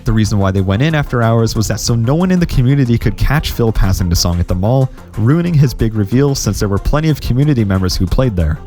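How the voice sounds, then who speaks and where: A man narrating a scripted gaming history video in a steady, explanatory way. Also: mid-range voice, quick pace, hardly any pauses, soft background music.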